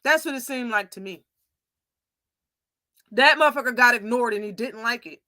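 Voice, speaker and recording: A young adult woman hosting a casual live commentary show, opinionated and animated, acting out quoted lines as she tells them. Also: fairly high pitch, normal speed, dry recording. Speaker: host.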